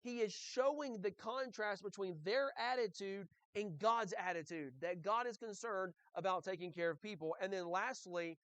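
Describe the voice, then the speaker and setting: A man's voice: high-pitched, normal speed, hardly any pauses, a bit bright, dry recording. A man pastor preaching a conversational sermon in church, often checking in with the congregation and asking rhetorical questions.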